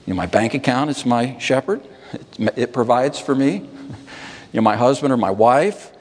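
A man delivers a musing, personal sermon with a mid-range voice. He slows down to savor scripture and lifts his pitch on the words he stresses. The sound rings with a long hall reverb. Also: lively intonation, a little mellow. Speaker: preacher. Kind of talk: reflective sermon.

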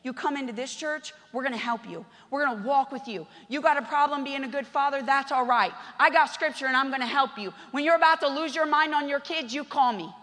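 A woman pastor preaching a passionate sermon that swings between loud exhortation and quiet storytelling. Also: high voice, brisk, hardly any pauses, big-room sound.

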